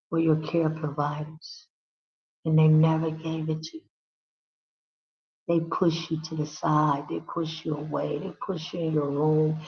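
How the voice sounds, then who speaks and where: A woman hosting her own channel, speaking straight to the listener in a heartfelt monologue. She repeats her phrases for emphasis. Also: low-pitched. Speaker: channel host. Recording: dull lo-fi recording.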